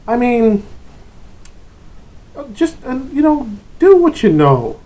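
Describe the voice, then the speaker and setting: A man's voice: very high-pitched, wildly swooping pitch, slow pace, dark tone, rough recording. A man who grew up in Germany, hosting a tabletop role-playing vlog and giving casual, rambling advice. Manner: rambling, self-interrupting, chatty. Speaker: tabletop RPG channel host.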